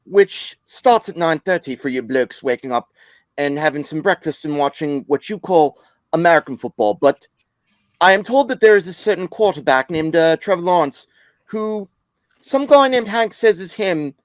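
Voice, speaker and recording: A man's voice: a little high, animated, normal speed, no echo, natural voice. A man putting on a British accent to play a pompous mock broadcast correspondent on a sports podcast. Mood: hammy. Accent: put-on British. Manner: hammy, theatrical, swooping delivery. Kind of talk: podcast sports picks bit.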